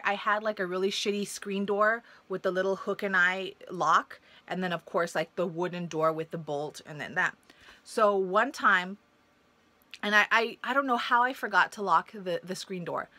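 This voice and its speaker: With a medium-pitched voice at a moderate pace, a young woman vlogs a personal story to camera. She's casual, blunt and profane, giving an animated retelling that mimics the voices of the people involved.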